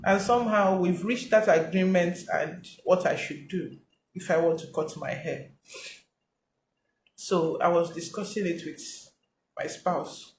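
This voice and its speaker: A woman's voice: fairly low pitch, darkish tone, roomy sound, slight background noise, low-quality recording. Woman giving an emotional testimony. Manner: emotional, halting retelling. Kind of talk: personal testimony.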